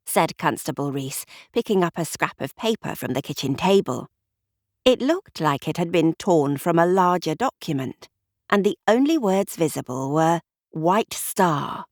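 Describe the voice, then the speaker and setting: A woman narrating a mystery audiobook with expressive storytelling. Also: low voice, no echo, studio quality.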